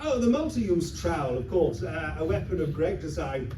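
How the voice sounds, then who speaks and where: High-voiced man improvising on stage. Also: big pitch swings, normal speed, mellow. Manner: rambling, hesitant improvising with many fillers. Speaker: guest player as the king. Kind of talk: improvised comedy game. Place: large convention hall with live audience. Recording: echoey hall, distant mic, background noise.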